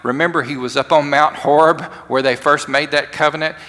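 A man preaching a sermon in a dramatic way, swinging from loud, fervent lines to hushed ones. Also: a little high, steady tone, brisk. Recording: long hall reverb.

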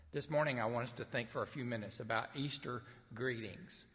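A man with a Southern accent, a pastor from Mississippi, preaching an Easter sermon in a folksy storytelling way with gentle humor. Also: mid-range voice, brisk, hardly any pauses, big-room sound. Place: sanctuary with only a few people present.

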